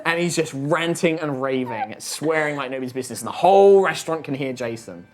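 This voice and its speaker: A man's voice: a little high, a little fast. A man narrating a tabletop game as game master, loose and full of fillers.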